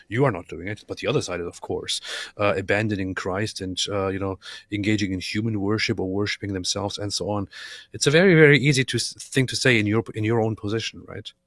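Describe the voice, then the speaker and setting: A man co-hosting a casual livestream, speaking in a measured, reflective way with short dry interjections. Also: on the low side, a bit bright, no room sound. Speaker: co-host.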